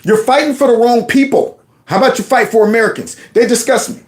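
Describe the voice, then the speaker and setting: A man's voice: very high-pitched, fast. A man hosting his own channel, giving opinionated commentary over clips, talking emphatically with lots of rhetorical questions and colloquial speech.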